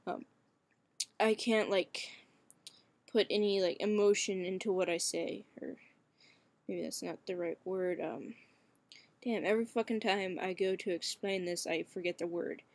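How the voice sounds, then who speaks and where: A man's voice: sits high, fairly even intonation, unhurried, pauses often. A young man in a casual webcam vlog, talking hesitantly with lots of fillers and swearing, his voice cracking and turning shaky.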